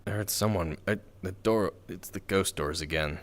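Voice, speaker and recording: A man's voice: deep voice, moderate pace. A man from the United States streaming a tabletop game as a player, chatting casually, teasing and swearing freely.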